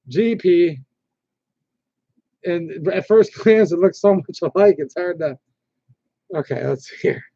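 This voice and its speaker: A man's voice: high-pitched, no echo. A man hosting a casual livestream, rambling and reading viewer comments aloud, with frequent restarts. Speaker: livestream host. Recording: dull lo-fi stream audio.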